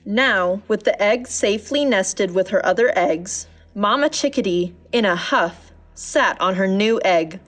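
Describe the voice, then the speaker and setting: A woman narrating a children's storybook in a gentle, measured reading voice. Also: medium pitch, soft background music.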